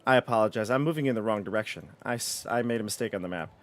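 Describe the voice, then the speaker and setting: A man's voice: fairly low pitch, racing. A man narrating as game master in a chatty, self-correcting way.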